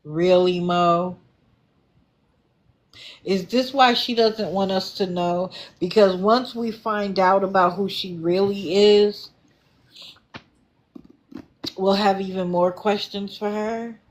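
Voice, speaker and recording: Slow, sassy woman streamer. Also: mid-range voice. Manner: animated, sassy, talks back to chat. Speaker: livestream host. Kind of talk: casual livestream commentary.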